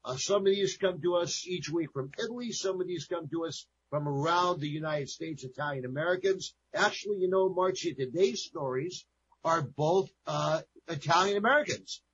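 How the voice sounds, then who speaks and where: High-voiced chatty male radio host. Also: moderate pace, a bit bright, highs cut off, a little hiss or hum. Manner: chatty, upbeat, repeats promo details. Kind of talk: talk radio chat.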